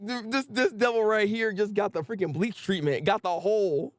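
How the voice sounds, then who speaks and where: A man streaming a live manga reaction, joking and animated, tripping over repeated words when excited. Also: sits high, normal speed, dry recording, studio quality.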